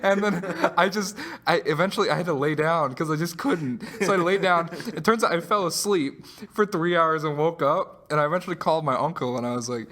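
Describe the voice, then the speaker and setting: A man's voice: fairly high pitch, fairly quick, hardly any pauses, fairly bright tone. A young man in his late teens, co-hosting a casual podcast, telling a story with lots of laughs, "like"s and acted-out voices. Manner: laughs while telling, acts out voices, many likes. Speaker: podcast co-host.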